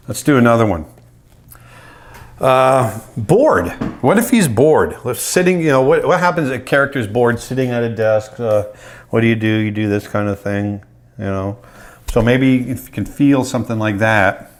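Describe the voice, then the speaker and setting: A man's voice: medium pitch, expressive, unhurried. A middle-aged man, an animator, casually talking through his drawing as he sketches, thinking aloud. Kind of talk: drawing tutorial narration.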